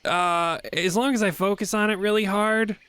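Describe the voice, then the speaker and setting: A man's voice: sits high, steady tone, moderate pace, bright, forceful tone, clean tone, no room sound. A man playing a tabletop game, talking in a playful, joking way. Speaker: player. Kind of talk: casual tabletop game chat.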